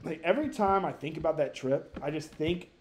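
A man in his thirties telling a story to a friend on a podcast, animated and profane, rambling with many restarts. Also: a little high, fairly quick, slight background noise. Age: 30s. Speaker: podcast co-host. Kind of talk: casual storytelling among friends.

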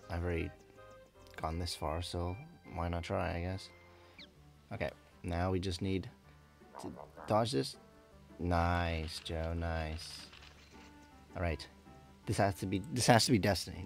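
A man chatting his way through a video game session, rambling and correcting himself as he goes. His voice is on the low side with a gravelly, fry-tinged texture, and faint game music plays under his talk. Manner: rambling, self-correcting, laughs a lot. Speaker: let's play gamer. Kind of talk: casual gameplay commentary.

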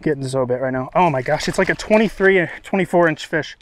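A man's voice: on the high side, quick pace, a little hiss or hum. A young man vlogging his fishing outdoors on a riverbank, breathless and exclaiming in disbelief. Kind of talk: excited outdoor vlog commentary.

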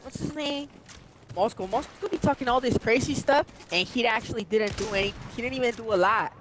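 A young man chatting while gaming, slangy and excitable, yelling to teammates. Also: very high voice, brisk. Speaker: gamer. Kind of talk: casual chat while gaming. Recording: noisy online voice chat.

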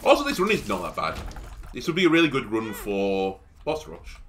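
A young man giving casual let's-play commentary, telling stories in an animated way that rises to exasperated shouts. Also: lowish voice, a little fast, slight background noise. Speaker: gaming YouTuber.

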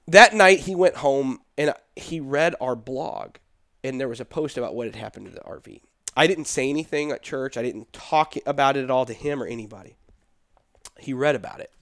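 A middle-aged man telling a personal story in casual conversation, animated and quoting the people in it. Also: medium pitch, clear, resonant tone, no room sound, clean studio sound. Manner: animated, quotes people in his story, laughs between. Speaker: guest telling his story.

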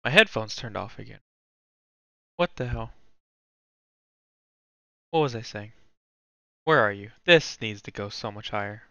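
Rambling man with a bright, crisp voice. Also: lowish voice, lively intonation, measured pace, long pauses, no echo, lo-fi sound. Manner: rambling, swearing, self-talk. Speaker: movie ranking streamer. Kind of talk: casual thinking-aloud commentary.

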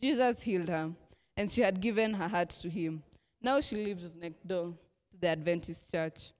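Low-voiced Kenyan woman reading a story. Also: a little mellow. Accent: Kenyan English. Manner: measured, prayerful delivery. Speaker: lesson presenter. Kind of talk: reading a mission story aloud. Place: church hall. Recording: echoey hall reverb.

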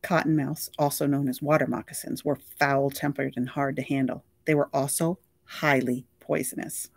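Steady audiobook narrator, dry sound. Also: mid-range voice, normal speed, creaky, no room sound. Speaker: audiobook reader. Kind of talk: scripted novel narration.

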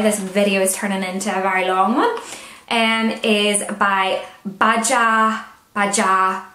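A woman from Northern Ireland, speaking with a fairly high, sharp-edged voice, chats casually while reviewing beauty products and throwing in wry asides. The recording has a roomy echo.

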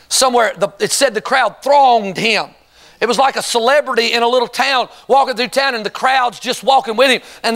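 A man with a very high voice delivers a sermon from the pulpit. He keeps firing rhetorical questions at the congregation and urging them to answer aloud. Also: bright, forceful tone. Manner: asks the congregation rhetorical questions and calls for responses. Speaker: preacher. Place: church sanctuary before a congregation.

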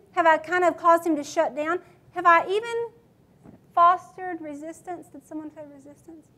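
A woman's voice: extremely high pitch, sharp tone. A woman teacher leading a classroom management workshop, matter-of-fact and quizzing her audience with questions.

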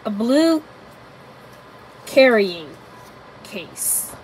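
A woman narrating a children's story aloud in a halting way. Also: fairly high pitch, sing-song, slight background noise, low-quality recording. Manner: halting, with restarts.

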